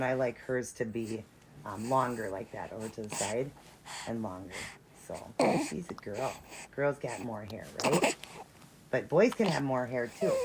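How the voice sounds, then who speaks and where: Very low-voiced woman gushing over a doll. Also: background noise. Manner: gushing, chatty, talks to viewers while working. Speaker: reborn doll vlogger. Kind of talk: casual show-and-tell narration.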